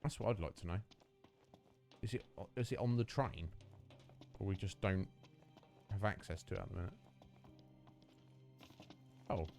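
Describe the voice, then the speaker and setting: A man's voice: low voice, unhurried, creaky, pauses often, a little mellow, soft background music. A man streaming a video game, chatting casually and rambling through a rant with lots of fillers. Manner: rambling, ranting, many fillers.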